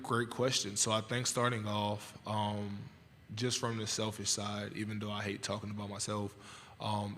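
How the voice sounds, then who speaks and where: A young man from Louisiana answers press conference questions in a low, flat, calm voice, pausing with fillers and restarts. The sound carries the long reverb of a large hall with faint background noise. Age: 20s. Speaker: college football player at press conference.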